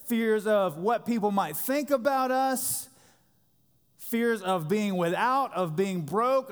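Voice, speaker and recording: Impassioned pastor in a reverberant church. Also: male voice, high-pitched. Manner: impassioned, swings from loud emphasis to quiet intensity. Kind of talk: sermon. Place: church sanctuary. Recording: long hall reverb.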